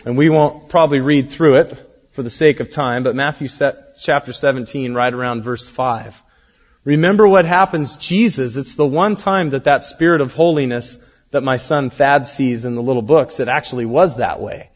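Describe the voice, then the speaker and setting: Conversational pastor preaching in reverberant hall. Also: male voice, mid-range voice, moderate pace. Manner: conversational, animated storytelling with acted quotes. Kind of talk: sermon. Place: church hall. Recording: dull, reverberant hall recording.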